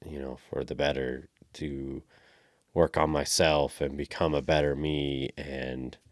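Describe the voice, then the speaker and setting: Male podcast co-host, reflective and rambling, with an extremely deep voice. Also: flat delivery, a little slow, no room sound, studio quality. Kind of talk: casual chat.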